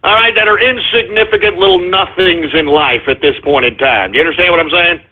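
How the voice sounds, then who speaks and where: A man ranting on a call-in radio show, his higher-pitched, husky voice squashed into a thin phone-line band. He talks emphatically and circles back to the same point again and again. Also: a little fast. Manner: ranting, emphatic, repeats "all right?".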